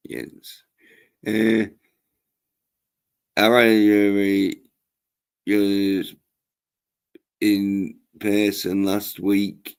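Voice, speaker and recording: Brief: male livestream host, unhurried drawl, crude and rambling. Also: lowish voice, clear, resonant tone. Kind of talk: casual chat.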